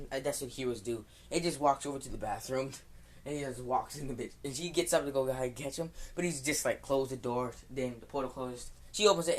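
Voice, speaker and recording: Young guy rambling thru a fan story, tons of likes and ums, keeps laughing at himself, mid-pitched voice. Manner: rambling, filler-heavy, chuckling asides. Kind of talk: casual improvised storytelling.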